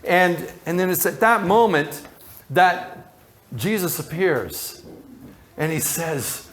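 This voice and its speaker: A man's voice: high voice, animated, slow, a bit bright. A man who is a pastor, preaching a sermon in a loose, conversational way with tangents and repeated words.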